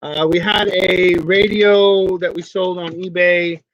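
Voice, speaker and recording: A man talks through a loose, rambling vlog, joking and complaining and laughing often. His voice sits fairly high. The sound is dry and slightly dull and lo-fi. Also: steady tone, takes it slowly, vocal fry, a bit bright, no echo. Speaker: online reseller vlogger. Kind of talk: casual rambling vlog chat.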